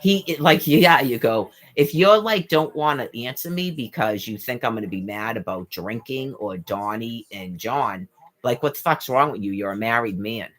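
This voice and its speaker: An exasperated woman rants straight to camera, swearing and firing off rhetorical questions. Her pitch swings widely from low to high as she mimics others mid-sentence. She stumbles and restarts her words as she goes. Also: lively intonation, moderate pace. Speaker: vlogger. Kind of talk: rambling rant to camera.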